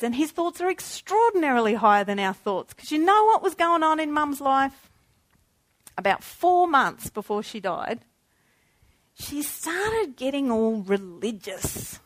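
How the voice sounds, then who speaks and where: A woman giving an impassioned personal testimony, talking straight to her listeners and swinging between hushed and loud. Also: fairly high pitch, dry recording. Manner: conversational, asks the audience questions. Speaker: speaker sharing a personal testimony. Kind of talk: testimony talk.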